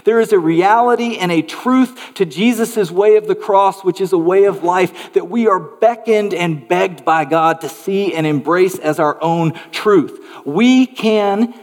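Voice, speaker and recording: Male pastor, earnest emphatic sermon, somewhat high voice, long reverb. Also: a little slow, few pauses. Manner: earnest, emphatic preaching with rhetorical questions.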